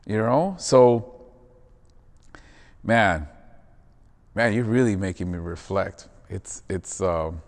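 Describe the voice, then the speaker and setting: A man's voice: sits low, takes it slowly, long pauses, in a large hall. A man who performs in theater, talking in a casual, earnest and reflective way during an interview, often calling the listener "man".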